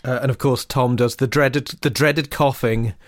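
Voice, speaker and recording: A man's voice: mid-range voice, moderate pace. A man co-hosting a podcast, making wry jokes about a TV drama. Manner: wry, animated, joking. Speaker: podcast co-host. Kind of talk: casual chat reviewing a TV series.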